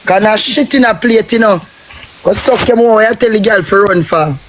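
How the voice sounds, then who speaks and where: A man's voice: high voice, a little fast, a bit bright, a little hiss or hum, poor audio. A man with a Jamaican accent, ranting and taunting in a cursing live stream tirade.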